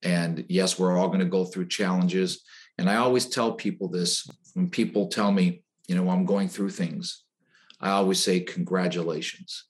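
A man's voice: sits low, steady tone, normal speed. A middle-aged man, a coach and podcast guest, giving an earnest motivational talk with repeated phrases. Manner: earnest, preaching, repetitive phrasing.

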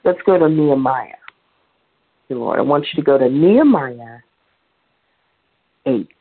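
A woman preaching a sermon in a conversational, animated way, laughing now and then. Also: a bass voice, unhurried, vocal fry, husky. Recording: tinny phone-like sound.

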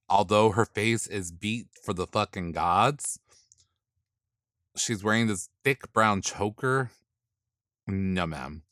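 A sassy man talking through drag runway looks in a casual commentary vlog, his voice sitting on the low side. He is blunt and swears freely, with drawn-out put-downs. The sound is dry and close, with no room around it. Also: fairly bright tone, dry recording. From not from the East Coast.

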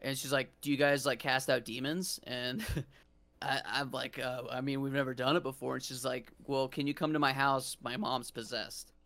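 Young adult male podcast host with a gravelly voice, casual, rambling storyteller. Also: medium pitch, little pitch movement, normal speed, a bit bright. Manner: laid-back, says "dude" often, rambling restarts.

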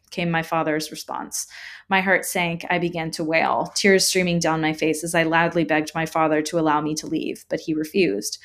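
A woman's voice: low-pitched, fairly even intonation, normal speed, a bit bright. A woman narrating a first-person horror story in a tense, dramatic reading.

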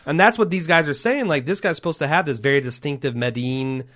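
A man's voice: a little high, quick pace, a bit bright. A man co-hosting a podcast, chatting casually and opinionated, often trailing off and restarting his sentences. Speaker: podcast co-host. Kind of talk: casual chat.

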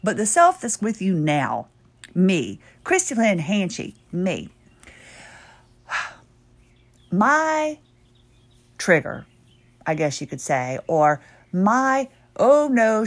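A middle-aged woman hosting her own podcast, chatty and rambling with sudden excited bursts, while her voice is giving out. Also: sits low. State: losing her voice. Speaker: podcast host. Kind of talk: casual solo podcast talk.

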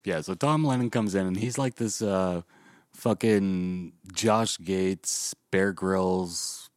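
A man casually reviewing a movie with friends on a podcast, animated and full of profanity. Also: low voice, slow, dry recording, studio quality. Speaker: podcast host.

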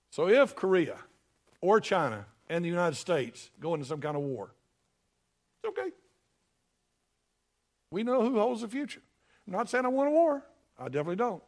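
A man preaching a sermon, folksy and emphatic, with sudden loud bursts. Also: high voice. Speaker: pastor.

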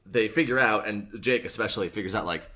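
A young man, a podcast host, casually retelling a book and acting out the characters' lines in quick asides. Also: lowish voice, sharp tone.

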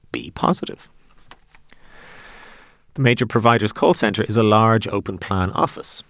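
Low-voiced man reading dryly. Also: fairly bright tone, no room sound, studio quality. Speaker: essayist reading his own essay. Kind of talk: reading aloud a personal essay.

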